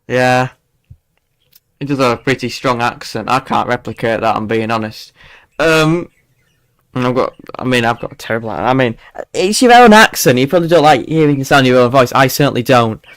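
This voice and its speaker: Hosting a weather channel's live forecast stream, this man from Yorkshire, England, has a mild local accent and a chatty, rambling style heavy on fillers and restarts. His voice is medium-pitched and a bit bright at a moderate pace, with no room sound.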